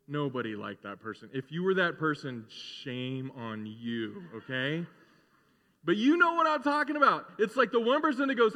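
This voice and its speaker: A man's voice: on the high side, animated, moderate pace, bright, forceful tone, big-room sound. A man preaching a sermon as pastor, reading scripture and then talking conversationally, acting out bits of dialogue. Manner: conversational preaching with playful acted-out voices.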